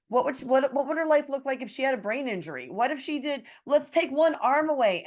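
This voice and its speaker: A woman hosting an interview, agreeing with her guest and asking follow-up questions. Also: medium pitch. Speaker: podcast host, interviewer. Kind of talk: interview conversation.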